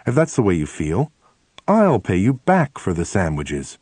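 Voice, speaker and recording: A man's voice: low voice, wildly swooping pitch, measured pace, a little mellow, slightly rough, no echo, heavily acted. A man putting on a brash, scheming young woman. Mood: indignant. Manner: bold, showy, wheedling. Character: brash young woman working a bar crowd.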